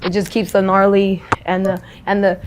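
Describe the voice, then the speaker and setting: A woman's voice: mid-range voice, flat delivery, normal speed, noisy background. A woman speaking in a casual street interview, rambling and blunt, swearing freely.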